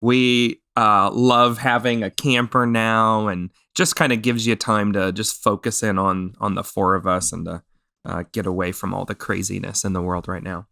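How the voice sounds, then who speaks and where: A man's voice: lowish voice, moderate pace, creaky, dry recording, clean studio sound. A man hosting a podcast, telling stories in casual chat and acting out the people he quotes. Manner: animated storyteller, acts out quotes. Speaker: podcast host.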